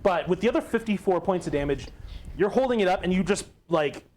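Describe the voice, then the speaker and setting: A man's voice: sits high, lively intonation, a little fast, darkish tone. A man running a tabletop game as game master, narrating loosely with lots of fillers.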